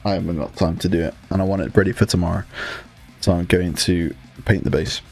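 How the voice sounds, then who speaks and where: A man hosting a relaxed livestream, chatting casually with his viewers while painting miniatures, joking and swearing freely. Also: low-pitched, fairly quick, faint music behind. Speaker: livestream host.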